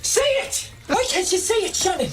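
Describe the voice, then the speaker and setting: A man's voice: very high-pitched, sing-song, normal speed. An actor playing an insistent young Irishman in a period film, with a put-on Irish accent, coaxing and repeating himself. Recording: distant film clip with music.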